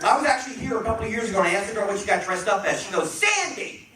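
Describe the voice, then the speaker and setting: A man performing a stand-up comedy set in a comedy club, teasing the crowd with punchy, quick jokes. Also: sits high. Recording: echoey club audio from a distance. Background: audience laughter and room noise.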